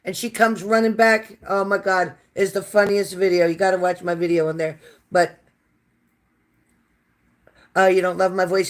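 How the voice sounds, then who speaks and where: A woman with a raspy, low smoker's voice and a sore throat, hosting a casual livestream and warmly thanking viewers by name. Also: normal speed, pauses often. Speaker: livestream host reading viewer comments.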